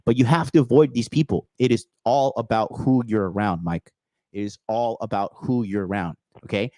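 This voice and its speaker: A man's voice: fairly low pitch, normal speed, a little mellow, dry recording. A man hosting a call-in dating advice show, talking bluntly and profanely in a lecturing way. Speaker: dating coach host.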